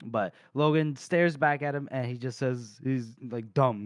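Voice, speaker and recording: A man hosting a casual book-discussion podcast who rambles through a chapter recap, swears freely, laughs often and rushes through fast asides. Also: medium pitch, dry recording. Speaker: podcast host.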